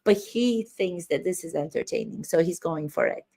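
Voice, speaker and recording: A woman's voice: lowish voice, normal speed, vocal fry, dark tone. A woman acting teacher commenting on court footage, stressing words emphatically as she talks.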